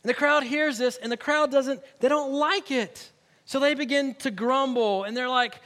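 A man's voice: very high-pitched, normal speed, a bit bright. A male pastor preaching a sermon in a conversational way, with humorous asides and emphatic repeated words.

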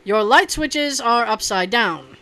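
A young woman co-host with a bright, clear tone and a slightly high voice. She reads listener comments in a blunt, wry, casual way. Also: animated, slow. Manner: blunt, wry, swears freely.

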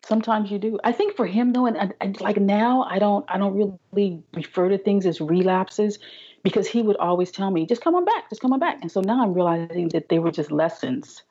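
A woman guest on a podcast, telling her story in a halting way, restarting and repeating words. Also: medium pitch, steady tone, dark tone, breathy edge, muffled recording. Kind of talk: casual interview storytelling.

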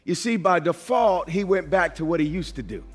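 Male pastor from New York, high voice, emphatic sermon delivery. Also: expressive, normal speed, soft background music. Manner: emphatic preaching, swings from quiet to shouting.

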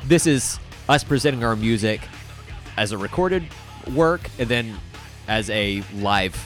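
A man's voice: on the low side, expressive, a little slow, fairly bright tone. A man co-hosting a podcast, chatting casually about an album, rambling with lots of fillers and restarts. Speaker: podcast co-host. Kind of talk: casual chat about music. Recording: faint music playing underneath.

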